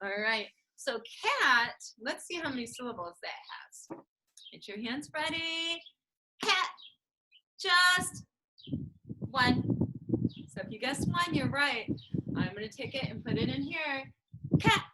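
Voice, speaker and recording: Woman speech therapist, high and slow, exaggerated sing-song delivery for toddlers. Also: animated, noisy background. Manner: exaggerated, drawn-out words, playful animal sounds. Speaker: speech-language pathologist teaching preschoolers. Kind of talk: slow, sing-song teaching to young children.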